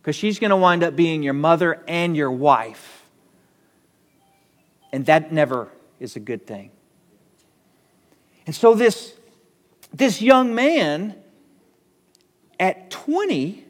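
A pastor preaches a sermon in an animated, high voice that swoops up and down with emphasis. He repeats words to press his points, and his voice carries a long church reverb. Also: takes it slowly, pauses often.

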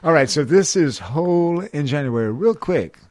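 A man's voice: on the high side, moderate pace, no echo. A man hosting a radio show, chatting casually and joking with his guests. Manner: lively, joking. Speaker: radio host.

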